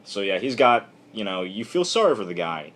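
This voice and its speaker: A low-voiced man talks through a comic book issue in a loose, rambling vlog. His retelling is irreverent and animated, full of quick asides. A faint hiss sits behind him. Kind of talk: casual comic recap vlog.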